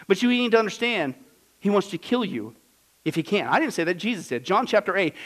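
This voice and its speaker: A man preaching a sermon, fiery and emphatic, swinging from loud declarations to hushed storytelling. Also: high-pitched, sing-song, a little fast, rough recording.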